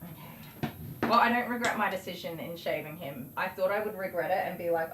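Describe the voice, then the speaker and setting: A middle-aged Australian woman hosting a dog-grooming livestream, telling animated stories with laughs while she works. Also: fairly low pitch, a little fast. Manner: animated, laughing, acts out voices in anecdotes. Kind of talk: chatty livestream storytelling while working. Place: indoor grooming room. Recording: roomy echo, faint clipper noise. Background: electric clipper buzz.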